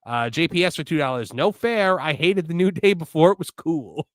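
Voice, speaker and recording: A man hosting a casual wrestling podcast, reading viewer super chats and riffing on them, often trailing off quietly. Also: on the high side, moderate pace, no room sound, clean studio sound. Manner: animated, trails off quietly, mimics callers.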